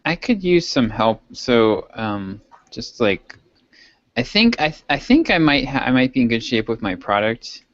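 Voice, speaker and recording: A man with a lively, up-and-down voice trades wry quips in a casual podcast chat and laughs often. The sound is dry and dull. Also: mid-range voice, unhurried, no room sound. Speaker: podcast co-host.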